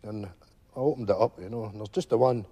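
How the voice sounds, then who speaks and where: An actor playing an older widowed Glasgow pensioner with a Glaswegian Scottish accent, telling a rambling stage monologue full of "you know" asides. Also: male voice, fairly low pitch, fairly even intonation, quick pace, mellow, breathy edge. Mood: wistful storytelling. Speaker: stage character telling a story to friends.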